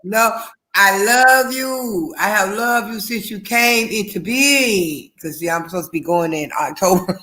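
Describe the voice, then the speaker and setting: A woman co-hosts a casual chat, her voice sitting at an ordinary middle pitch. She rambles along with restarts and laughs between her thoughts. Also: a little slow, pushed and bright. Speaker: co-host.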